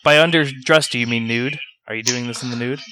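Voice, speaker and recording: A man's voice: mid-range voice, a little fast, sharp tone, soft background music. A man hosting a podcast in casual banter, teasing his co-hosts and giving blunt opinions. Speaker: podcast host.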